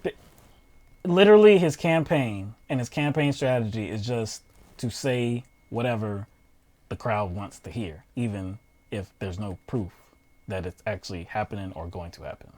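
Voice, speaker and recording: A man's voice: lowish voice, normal speed, a little mellow. Man hosting casual political commentary. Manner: conversational, with frequent fillers while reading quotes aloud. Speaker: co-host of a political talk show. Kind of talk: casual political commentary, reading news quotes.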